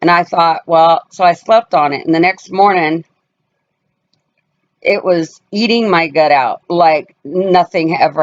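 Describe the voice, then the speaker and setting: A woman tells a personal story straight to her viewers, casual and emphatic. She hammers her points home and slips into other people's voices as she quotes them. The sound is somewhat dull and lo-fi. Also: deep voice. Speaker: family vlogger.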